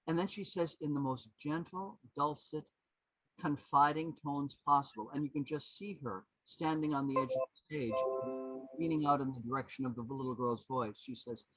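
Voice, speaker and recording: A man in his seventies, a podcast guest and historian, telling anecdotes in an animated, rambling way with many restarts. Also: a little high, moderate pace, husky, no echo, low-quality recording. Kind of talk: anecdotal storytelling.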